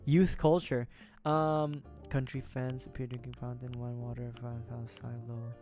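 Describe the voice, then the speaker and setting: A man chatting his way through a cozy game on a livestream, rambling, joking and laughing at himself as he talks to his chat. His voice sits at an ordinary middle pitch, with faint game music playing behind him. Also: flat delivery, a little slow, warm tone. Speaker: streamer. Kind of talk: casual gaming livestream chat.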